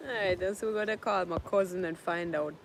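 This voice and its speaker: A woman's voice: lowish voice, brisk, a little hiss or hum. A woman hosting a casual livestream, chatting with viewers, laughing often and slipping into French. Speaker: livestream host. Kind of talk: casual livestream chat reading viewer comments. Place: home in Jamaica.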